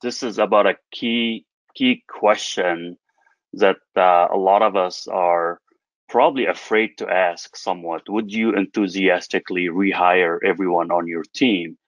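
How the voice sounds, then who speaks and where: A man giving a webinar talk as a business coach over a video call, measured and reflective, with fillers. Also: deep voice, steady tone, no room sound. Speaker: guest speaker, business coach. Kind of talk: webinar presentation. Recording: dull, dry video call audio.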